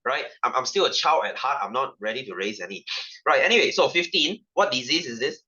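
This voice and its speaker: A young man with a Malaysian English accent runs a casual science class, chatty and full of jokes. His voice is bright with a forceful edge, and the recording sounds a little muffled and lo-fi. He keeps checking in with the class through quick "right?" asides. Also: medium pitch, expressive. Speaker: science tutor. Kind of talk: casual online science lesson.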